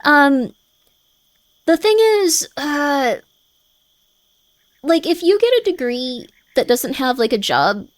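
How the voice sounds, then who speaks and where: A woman chatting her way through a horror game on stream, reading notes aloud and riffing with viewers. Her voice sits high, and the close mic gives a dry, roomless sound. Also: takes it slowly, pauses often, dry recording. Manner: chatty, animated, says "like" a lot.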